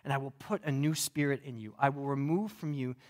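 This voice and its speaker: A man's voice: mid-range voice, a little fast. A young adult man, a pastor, preaching a sermon in a conversational, humorous way. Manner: conversational and humorous, varied delivery.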